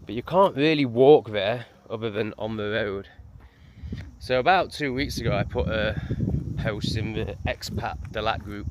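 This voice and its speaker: An English man chatting to camera in a vlog beside a lake, animated and full of asides. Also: on the low side, measured pace. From England. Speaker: vlogger. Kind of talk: casual vlog talk to camera. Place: outdoors by a lake. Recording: noisy outdoor recording.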